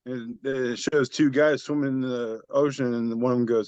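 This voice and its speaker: A man hosting a podcast, reading memes in casual chat with laid-back, swearing, deadpan asides. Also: medium pitch, moderate pace, clear, resonant tone, no echo. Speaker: podcast host. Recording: muffled lo-fi podcast audio.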